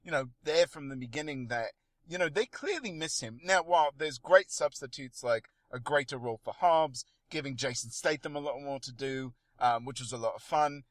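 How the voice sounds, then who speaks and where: A man co-hosting a casual movie review podcast, animated and laughing often. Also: medium pitch, normal speed, no echo. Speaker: podcast co-host.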